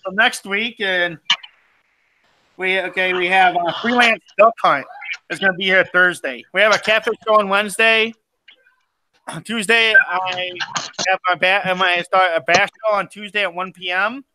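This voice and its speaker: A man's voice: sits high, steady tone, moderate pace, noisy background. A man hosting a casual outdoors live stream, rambling and laughing often as he talks over the video call.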